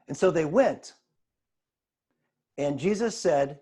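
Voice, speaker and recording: Husky guy preaching over a video call, voice swoops up and down a lot, acts out the bible quotes. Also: mid-range voice, normal speed, long pauses. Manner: expressive storytelling, quotes scripture with dramatic emphasis. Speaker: spiritual teacher.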